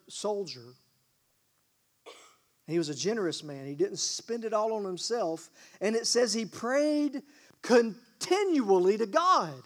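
A man with a high voice and a drawl delivers a sermon. He is emphatic and keeps turning to the congregation with questions. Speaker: pastor.

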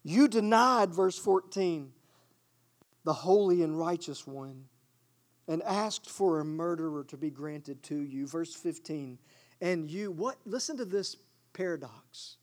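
High-voiced preacher, dramatic swings. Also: male voice, expressive, takes it slowly. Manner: dramatic, swings from loud declaiming to quiet asides. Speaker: pastor. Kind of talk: sermon.

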